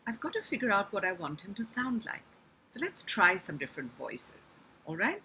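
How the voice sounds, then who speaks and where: A woman teaching children how to recite a poem, explaining gently step by step. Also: medium pitch, very animated, normal speed, a little hiss or hum. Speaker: elocution teacher.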